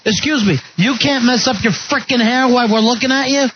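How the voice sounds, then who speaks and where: A man's voice: very high voice, a little fast. A man hosting a talk radio show, sarcastic and wisecracking in casual banter. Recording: lo-fi radio broadcast with hiss.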